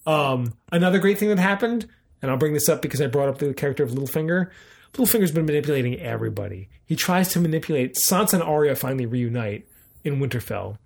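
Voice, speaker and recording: A man co-hosting a podcast in casual chat, retelling scenes in an animated way with quick asides. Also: on the high side, vocal fry. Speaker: podcast co-host.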